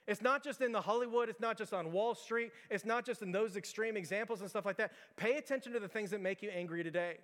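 A man preaching a sermon as pastor, casual and animated, telling stories with lots of "like" to his church. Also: high-pitched. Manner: conversational, animated, storytelling with lots of "like". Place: church sanctuary. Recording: long hall reverb.

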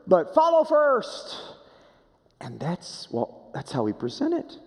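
A male pastor preaching in a high, very lively voice that swoops between hushed drops and emphatic peaks. He repeats rhetorical questions at an unhurried pace. His sermon rings with the long reverb of a big church hall. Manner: dramatic, swinging from hushed low phrases to raised emphatic ones.

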